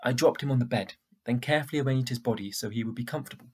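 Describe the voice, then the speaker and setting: A man reading a first-person storybook aloud in a steady, plain way, with a husky voice. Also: medium pitch, very fast. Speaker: audiobook narrator.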